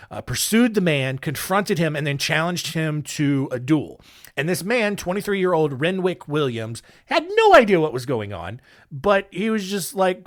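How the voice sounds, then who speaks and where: A man hosting a podcast, telling history stories in a casual, jokey way with plenty of filler words. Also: on the high side. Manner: jokey, animated, lots of fillers. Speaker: podcast host.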